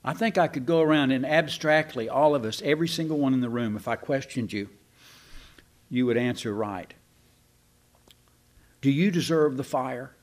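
A man preaching a sermon, slow and emphatic, asking rhetorical questions and sometimes restarting mid-phrase. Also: mid-range voice.

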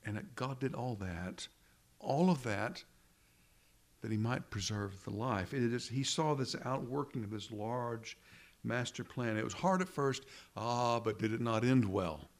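A man's voice: medium pitch, measured pace. A man preaching a sermon in an earnest way, asking rhetorical questions and repeating phrases for emphasis.

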